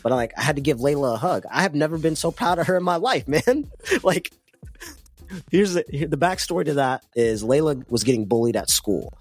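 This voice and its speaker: A young man, a podcast co-host, chatting casually and telling a lively story, often saying "man". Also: a little high, a little fast, husky. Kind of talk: casual chat.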